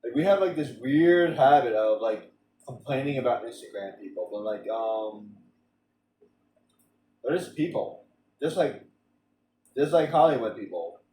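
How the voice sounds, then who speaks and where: A man's voice: mid-range voice, animated, unhurried, pauses often, mellow, reverberant, distant mic, poor audio. A man streaming a game, chatting in a rambling way with frequent restarts and stammers. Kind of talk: casual rambling chat during a game stream.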